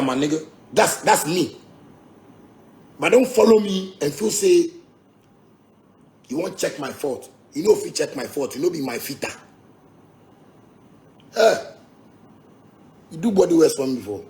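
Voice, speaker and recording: A man's voice: fairly high pitch, a little mellow. Combative man with Ghanaian Pidgin accent. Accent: Ghanaian Pidgin English. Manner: combative, repetitive, swearing, laughing asides. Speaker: musician. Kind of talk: heated rant to fans.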